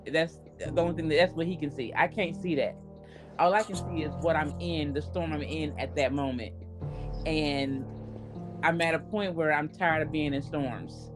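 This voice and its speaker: Chatty woman talking faith, lively and jokey, guitar music under her. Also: sits low, normal speed. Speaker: podcast co-host. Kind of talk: casual faith conversation.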